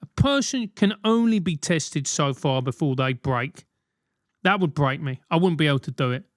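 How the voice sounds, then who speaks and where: A man's voice: fairly high pitch, expressive, normal speed, no echo, clean studio sound. A man hosting a solo comedic advice podcast, rambling and swearing through comic rants. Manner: rambling, profane, comic ranting. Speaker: podcast host.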